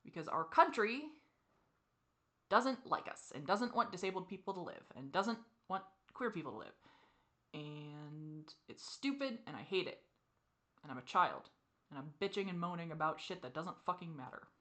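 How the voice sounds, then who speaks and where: A woman venting in a personal confessional vlog, teary and frustrated, with sighs and soft muttered asides. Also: lowish voice, expressive, normal speed. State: teary, crying. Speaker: vlogger.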